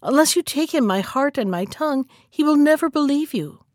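Woman voicing a young princess, storybook, gentle, pleading, kind, high pitch. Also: animated, a little fast, no echo, clean studio sound.

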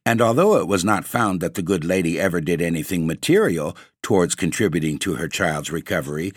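A man narrating a classic story for a podcast, in a measured, wry storytelling manner. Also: low voice, no echo, clean studio sound. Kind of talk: scripted ghost-story reading.

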